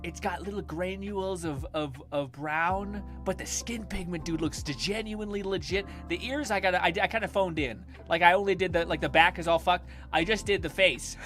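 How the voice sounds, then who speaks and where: A young livestream host with a high, slightly bright voice talks at a moderate pace with hardly any pauses, faint music behind him. In casual gaming stream chat, he rambles, swears and laughs often.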